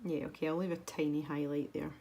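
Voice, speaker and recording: A woman with a slightly low voice narrates a colouring tutorial while she works. She talks in an easy, chatty way, pokes fun at herself and laughs lightly now and then. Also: level tone, fast, vocal fry, warm tone. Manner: chatty and self-deprecating, with small laughs.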